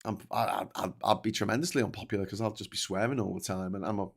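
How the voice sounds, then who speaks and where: A man's voice: on the low side, fairly even intonation, quick pace, vocal fry, breathy edge. A man with a posh Scouse accent hosting a live political stream, talking casually with lots of swearing and restarts while he reads out and answers chat messages. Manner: rambling, sweary, stop-start with many restarts. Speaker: political livestream host.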